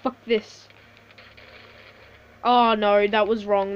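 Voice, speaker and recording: A woman giving casual live commentary over a shooter game, swearing a lot, laughing often and reacting excitably. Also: medium pitch, slow pace, muffled recording, a little hiss or hum. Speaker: gameplay commentator.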